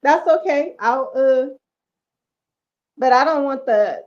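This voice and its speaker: A middle-aged woman from South Central Los Angeles calling into a livestream over video call, speaking politely and softly. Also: high-pitched, takes it slowly. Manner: polite, soft-spoken, light laughs. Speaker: caller. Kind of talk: casual call-in chat. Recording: slightly dull video call audio.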